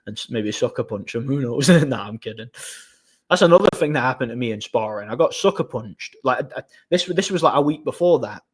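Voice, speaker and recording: A man with a medium-pitched, slightly breathy voice hosts a casual live stream, speaking fairly quickly and with animation. He rambles through long stories, restarting often and letting out small laughs.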